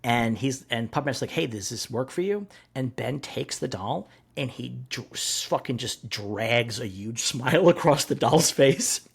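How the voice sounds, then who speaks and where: A man's voice: mid-range voice, moderate pace, vocal fry, few pauses, husky. A man co-hosting a podcast, chatting casually about comics, swearing freely and acting out quotes. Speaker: podcast co-host. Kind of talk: casual comic-book discussion.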